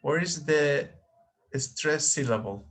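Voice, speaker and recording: A man's voice: fairly high pitch, expressive, slow pace, fairly bright tone. A man teaching an online English class, patiently repeating words for his students.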